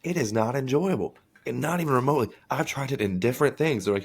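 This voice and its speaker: A man co-hosting a podcast, telling crude stories in casual chat with excited jumps in his voice. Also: fast, few pauses, husky. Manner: animated, crude storytelling with excited jumps in pitch. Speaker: podcast co-host.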